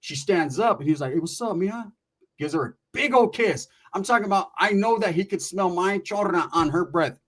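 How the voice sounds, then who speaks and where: Middle-aged guy from california spinning a crude funny story, lots of slang and swearing, kinda high pitched. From Merced, California. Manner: animated, profane and slangy, quick asides to the listener. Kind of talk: casual comic storytelling.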